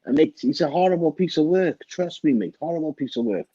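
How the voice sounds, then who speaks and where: Husky British man, emphatic and insistent. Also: on the high side, lively intonation, a little fast, mellow, no echo. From Britain. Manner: emphatic, repeats "trust me, mate". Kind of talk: casual chat. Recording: dull lo-fi recording.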